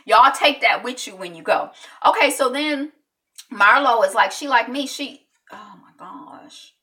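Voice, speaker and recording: A woman's voice: fairly high pitch, normal speed, pushed and bright, recorded from a distance. A woman hosting a casual live stream, rambling through an episode recap with lots of fillers and restarts. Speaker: reality TV recap host.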